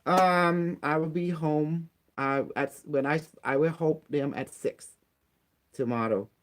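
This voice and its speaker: A man's voice: a little high, steady tone, takes it slowly. A man with non-native grammar ranting bluntly and profanely as a channel host. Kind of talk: casual rant on a phone call.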